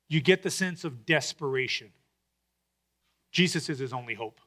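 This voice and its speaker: A man's voice: high-pitched, moderate pace, fairly bright tone. A male pastor preaching a sermon, retelling a story with dramatic acted-out voices.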